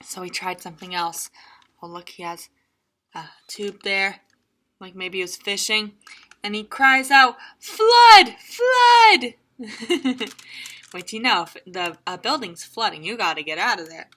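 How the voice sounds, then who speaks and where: A children's librarian reading a picture book aloud, playful and animated, with laughing asides. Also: female voice, on the low side, normal speed.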